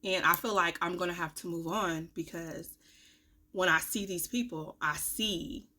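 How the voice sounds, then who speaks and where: A woman's voice: fairly even intonation, unhurried, a little hiss or hum. Blunt, profane young woman venting. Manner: blunt, heated and profane, swinging from loud to low muttering. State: coughing now and then. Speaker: vlogger, self-styled life coach. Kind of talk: candid talking-to-camera vlog.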